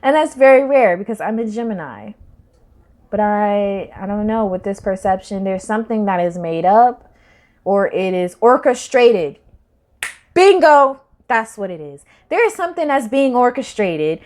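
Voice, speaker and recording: A woman's voice: medium pitch, expressive, measured pace. Slangy woman giving a tarot reading. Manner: slangy, rambling, swings loud and soft. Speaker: tarot reader. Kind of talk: casual spiritual reading to camera.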